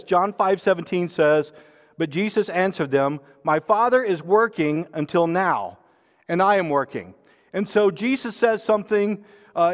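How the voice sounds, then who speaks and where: A man's voice: fairly high pitch, long reverb tail. A man preaching a sermon and making church announcements, folksy and joking, with many fillers and restarts. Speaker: pastor.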